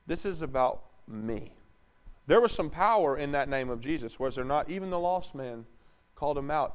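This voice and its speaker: A man preaching a sermon, asking the congregation questions and swinging between loud bursts and low, intense talk. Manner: emphatic, call-and-response questions to the congregation.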